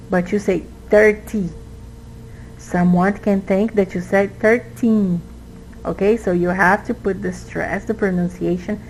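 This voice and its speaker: A woman teaching an English exam review, speaking slowly and patiently and stressing syllables as she models words. Her first language is Portuguese. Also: medium pitch, darkish tone, a little hiss or hum, low-quality recording.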